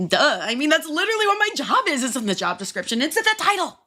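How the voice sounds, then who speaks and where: A woman's voice: high-pitched, very animated, fast, bright, forceful tone. A young woman hosting her own podcast, rambling casually and swearing often, laughing at her own stories about working as a server. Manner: rambling, profane, self-amused, laughs often. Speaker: podcast host. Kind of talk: casual solo podcast chat.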